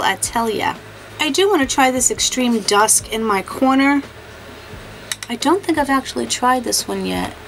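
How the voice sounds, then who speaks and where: A woman's voice: a little high, a bit bright, slight background noise, poor audio. A woman making a casual makeup vlog to camera, chatty, apologetic and hard on herself. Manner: chatty, self-deprecating and apologetic. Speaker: beauty vlogger.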